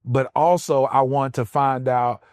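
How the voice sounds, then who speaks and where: A man's voice: medium pitch, a little slow, no echo, clean studio sound. A middle-aged man, a podcast guest telling a story in casual talk and acting out the voices he quotes. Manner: animated, acts out quoted voices.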